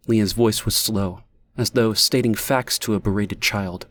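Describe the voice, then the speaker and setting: A man reading an audiobook in a measured, even manner, as the narrator. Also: lowish voice. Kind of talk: scripted narration.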